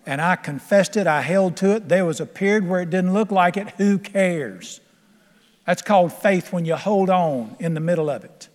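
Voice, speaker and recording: A preacher, an older man, holds the pulpit with a high, bright-toned voice. His delivery is folksy and emphatic, and he laughs along with his own stories. The sound rings with the long reverb of a church sanctuary. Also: moderate pace. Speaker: pastor. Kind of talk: sermon.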